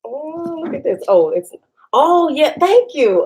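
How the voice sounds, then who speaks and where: Woman host, home kitchen live cook-along, bubbly and chatty, bright high register. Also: takes it slowly, low-quality recording. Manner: chatty, excitable, laughs often, talks to viewers as "y'all". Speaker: cooking channel host. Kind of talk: casual live-stream cooking demo.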